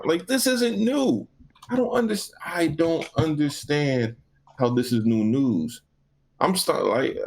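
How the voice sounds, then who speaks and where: A man co-hosting a gaming podcast, ranting casually with lots of profanity and acted-out back-and-forth. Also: mid-range voice. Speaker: podcast co-host.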